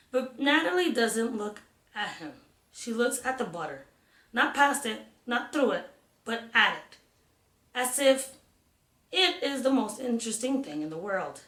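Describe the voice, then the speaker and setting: A woman reading a novel aloud in a measured, unhurried way. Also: mid-range voice, lively intonation, fairly bright tone. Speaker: reader. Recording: roomy echo.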